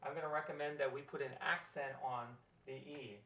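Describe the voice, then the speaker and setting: A man's voice: medium pitch, steady tone, a little fast, recorded from a distance, over a noisy crowd. A man leading a choir rehearsal, walking through the score and singing short phrases as examples. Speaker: choir director. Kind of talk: choral rehearsal instruction. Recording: roomy, from off mic.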